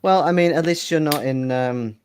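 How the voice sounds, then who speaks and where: A man's voice: on the high side, moderate pace, noisy background. A man running a tabletop game, teasing his players in casual chat.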